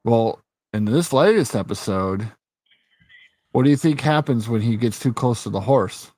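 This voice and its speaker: A man's voice: mid-range voice, normal speed, dry recording. A man hosting a casual chat, retelling scenes with lots of swearing and laughter. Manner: animated storyteller, swears freely, laughs often. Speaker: host.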